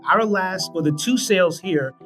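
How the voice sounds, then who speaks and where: A man's voice: sits high, moderate pace, a bit bright, faint music behind. A man who sells real estate, telling a story in a rambling way and correcting himself. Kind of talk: conversational anecdote.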